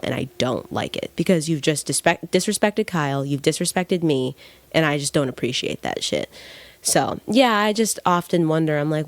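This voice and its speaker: A woman's voice: low-pitched, no room sound. A young woman hosting a podcast, talking bluntly in a heated, casual monologue and swearing freely. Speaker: podcast host.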